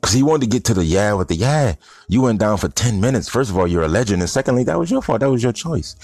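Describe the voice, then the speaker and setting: A man's voice: fairly low pitch, lively intonation, fast talker, darkish tone, no room sound. A man giving a blunt, rambling, casual opinion monologue to his audience of stoners. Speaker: vlogger addressing stoner audience.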